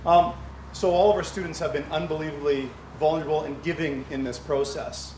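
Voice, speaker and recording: Middle-aged man, slightly higher voice, chatty anecdotal speaker with rhetorical questions, echoey hall. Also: steady tone, brisk, darkish tone. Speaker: speaker at a charity fundraiser. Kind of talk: conversational speech to an audience. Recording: echoey hall with faint background hum.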